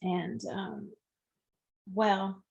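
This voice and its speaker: A woman's voice: mid-range voice, steady tone, very slow, vocal fry, darkish tone, dull audio. Candid woman telling her story. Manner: candid, swears freely, acts out quoted people. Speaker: interview guest. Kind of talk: personal story in conversation.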